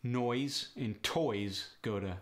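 Brisk man explaining accent sounds. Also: mid-range voice. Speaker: accent coach. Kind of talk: instructional explanation.

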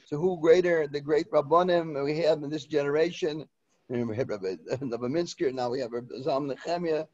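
Older rabbi, eulogy sermon; halting, repeats himself; slightly high voice, dull dry recording. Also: male voice, darkish tone, breathy edge, no echo. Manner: halting, repeats words, mixes in Hebrew and Yiddish terms. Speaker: rosh yeshiva giving a eulogy.

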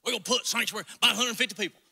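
A man imitating a fellow pastor briskly laying out building plans in a fast, matter-of-fact way. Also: high-pitched, steady tone, vocal fry, pushed and bright, slightly rough, heavily acted. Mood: bossy.

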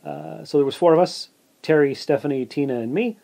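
A man's voice: on the high side, brisk, gravelly, dark tone. A man hosting his own podcast, casually telling a rambling story full of asides and filler words. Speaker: podcast host.

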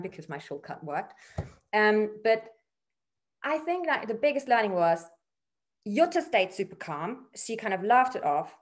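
Middle-aged woman guest, chatty storyteller, filler-heavy casual delivery, mid-range voice. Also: mid-range voice. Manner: chatty, many fillers like "like" and "kind of". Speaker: hospitality executive, interview guest. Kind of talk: casual anecdote telling.

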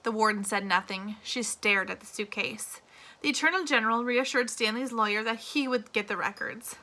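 A woman's voice: fairly high pitch, moderate pace, pushed and bright. A woman reading a novel aloud, giving the characters their own voices. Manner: reads dialogue with character voices. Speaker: reader.

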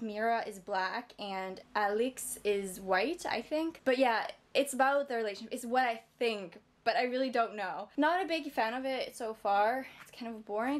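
A woman chatting casually in a book vlog, rambling and swearing now and then. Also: on the high side. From Denmark. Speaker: book vlogger.

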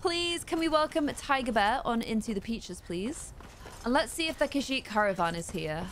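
A woman's voice: fairly high pitch, animated, normal speed, a little hiss or hum. A young woman giving chatty, playful let's-play commentary into a desk mic, with giggly exclamations. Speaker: gaming streamer.

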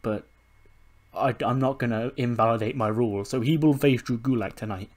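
A man voicing a calm, measured manager. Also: medium pitch, close to an everyday voice.

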